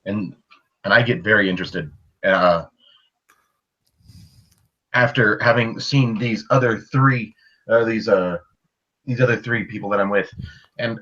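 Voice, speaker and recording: A man taking part as a player in a tabletop role-playing game, speaking in a halting, earnest way with many restarts. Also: fairly low pitch, sharp tone, highs cut off.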